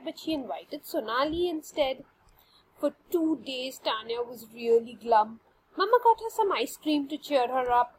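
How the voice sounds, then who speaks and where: A woman reading a children's story aloud in an expressive, animated way. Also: sits high, a little hiss or hum, rough recording.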